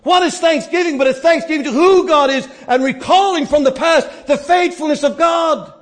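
A man preaching a sermon, dynamic, swinging from quiet asides to shouted points and answering his own questions. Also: extremely high pitch, moderate pace.

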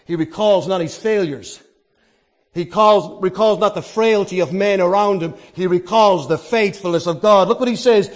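Male preacher, very high voice, dynamic delivery, quiet to shouting, rhetorical questions. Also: moderate pace. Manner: asks and answers his own questions. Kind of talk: sermon.

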